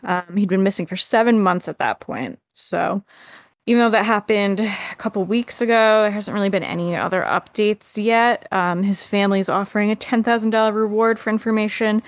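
A woman's voice: mid-range voice, normal speed, dry recording. A woman co-hosting a podcast, chatting casually and reading out case details. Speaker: podcast co-host. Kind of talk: casual chat.

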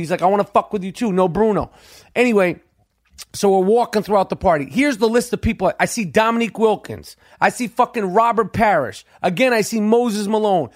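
High-ish voiced guy ranting a story, swears nonstop, super dry close mic. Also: no echo. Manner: profane, excitable, repeats himself. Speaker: podcast host. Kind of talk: casual storytelling monologue.

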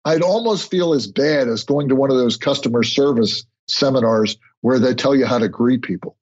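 Husky-voiced man telling workplace stories. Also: medium pitch, moderate pace. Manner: storytelling, animated when quoting others. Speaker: guest. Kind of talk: conversational interview. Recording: husky voice, dull lo-fi audio.

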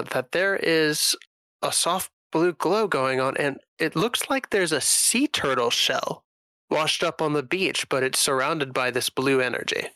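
Slow, bright-voiced game master. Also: male voice, mid-range voice, no echo, poor audio. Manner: halting, filler-heavy narration. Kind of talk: narrating a tabletop game.

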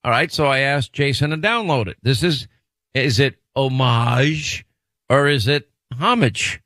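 A man hosting a talk radio show, bantering with his co-host, talking over her and jumping up in pitch when he protests. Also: measured pace, bright, forceful tone, dry recording.

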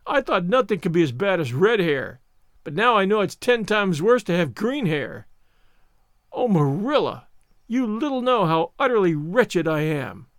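A theatrical young orphan girl pours out her woes in long, earnest, self-pitying speeches, as a man reads her aloud. The voice sits high and moves a lot. The sound is close and dry. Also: big pitch swings, measured pace, dry recording. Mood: despairing.

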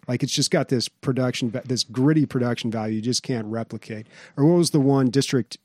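A man's voice: medium pitch, brisk, darkish tone, no room sound, clean studio sound. A man co-hosting a podcast, chatting casually about games and movies, rambling and trailing off mid-thought. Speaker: podcast co-host.

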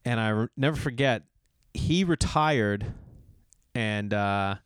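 A middle-aged man from the US Northeast spins a long, rambling personal story as a podcast host. His voice is smooth and resonant, and he keeps restarting sentences and slipping into the voices of the people in his story. The sound is dry and close, with no room around it. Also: on the low side, slow pace, no echo. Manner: rambling and animated, full of restarts and sudden quoted voices. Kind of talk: storytelling monologue.

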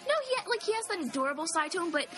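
A young woman in a casual movie chat, bubbly and giggly, acting out quotes in quick bursts. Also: very high-pitched, sing-song, over music.

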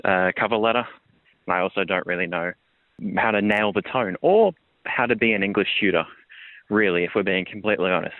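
A man's voice: low-pitched, no echo. Hesitant male caller on a tinny line. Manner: hesitant, with fillers. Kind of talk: recorded voice message. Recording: tinny phone-line recording.

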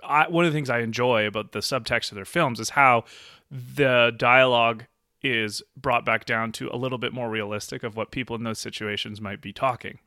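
A man co-hosting a podcast in casual conversation, animated and quick to laugh, often acting out quoted lines. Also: medium pitch, no echo, clean studio sound. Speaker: podcast co-host.

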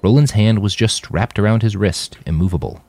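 A man narrating his own fiction with an expressive reading. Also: lowish voice, brisk, dry recording. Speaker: author and narrator.

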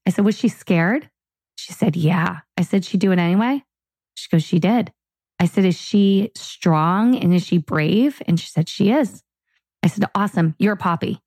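This podcast co-host is a woman with a lowish voice, captured in a dry recording. She tells a family story in relaxed conversation, animatedly acting out the dialogue as she goes.

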